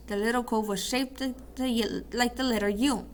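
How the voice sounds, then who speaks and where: A woman's voice: fairly high pitch, normal speed, few pauses, slight background noise. A woman teacher running a call-and-response word drill, then reading a story aloud with small slips and restarts.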